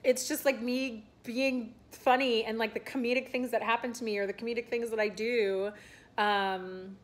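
A woman's voice: fairly high pitch, fairly even intonation, normal speed. A young woman chatting casually in a vlog, rambling with lots of fillers and restarts. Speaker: vlogger and aspiring content creator. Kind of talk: casual talking-head vlog.

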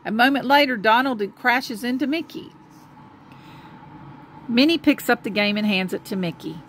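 A woman reading a children's storybook aloud to a child, gentle and expressive. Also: on the high side, normal speed, slight background noise.

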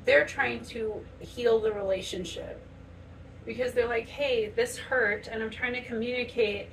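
A woman's voice: on the high side, fairly even intonation, unhurried, gravelly, far from the mic, slight background noise, poor audio. A woman vlogger talking earnestly and conversationally while doing her makeup in a home bathroom, often acting out quoted speech. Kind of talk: casual chat to camera while doing makeup.

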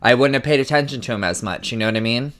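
A man's voice: mid-range voice, rapid-fire, fairly bright tone. A man casually chatting and laughing while reacting to a horror film, swearing freely. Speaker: reaction channel host. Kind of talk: casual movie reaction chat.

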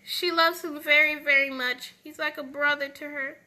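A woman's voice: sits high, fairly even intonation, normal speed, bright, forceful tone. A woman voicing characters in a casual game roleplay, playful and switching between voices.

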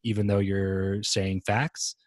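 A man talking as a podcast guest in casual interview chat, relaxed and rambling, with many fillers and restarts. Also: lowish voice, takes it slowly, dry recording.

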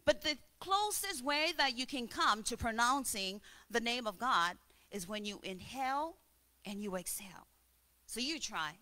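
A woman preaching a sermon, telling stories and demonstrating slow breaths. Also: a little high, animated, sharp tone.

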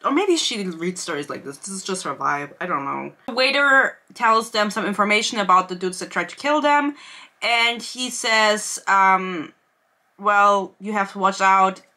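A woman's voice: mid-range voice, lively intonation, normal speed, bright, forceful tone. A woman in her twenties giving a casual, sarcastic book review vlog, laughing and reading excerpts aloud.

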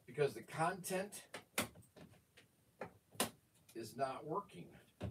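Gruff man hosting a shop livestream. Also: fairly high pitch, animated, moderate pace. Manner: gruff, grumbling banter. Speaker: livestream host. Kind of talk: casual chat. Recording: distant mic, noisy room.

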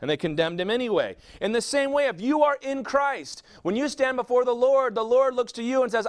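High, lively-voiced male pastor preaching. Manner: preaching with rhetorical questions and quick answers. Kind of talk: sermon.

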